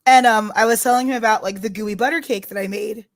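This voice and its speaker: A woman's voice: on the high side, steady tone, fast, no echo, studio quality. A woman co-hosting a casual chat show, blunt and profane, with a joking, offhand way of talking. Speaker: podcast co-host.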